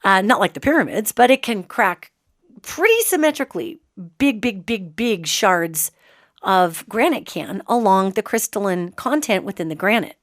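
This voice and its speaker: A woman's voice: mid-range voice, expressive, moderate pace, dry recording, studio quality. A woman from the United States hosting a show, talking in a chatty, emphatic monologue with sarcastic asides. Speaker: host and psychic. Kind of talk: casual monologue.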